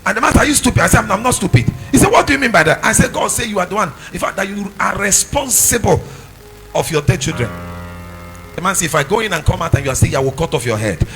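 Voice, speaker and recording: A young man preaching, telling a testimony and building from quiet talk to sung, shouted phrases. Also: high-pitched, expressive, quick pace, soft background music, low-quality recording. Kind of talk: sermon testimony.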